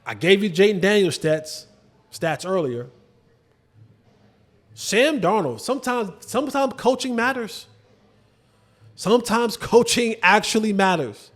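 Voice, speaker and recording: A man hosting a sports show, talking casually about football with lively swings and rhetorical questions to viewers. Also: unhurried, pauses often. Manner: animated, drops to low emphatic asides, rhetorical questions to viewers. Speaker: sports podcast host. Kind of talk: casual football commentary to camera.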